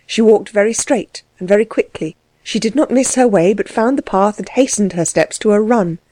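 Female audiobook narrator, measured, expressive delivery, dry close recording. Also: mid-range voice, no room sound. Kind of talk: scripted narration.

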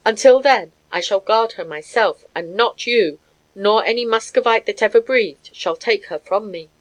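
A woman voicing a gruff Scottish man who speaks curtly and dismissively. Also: medium pitch, moderate pace, no room sound, natural voice, poor audio. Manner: curt, dismissive.

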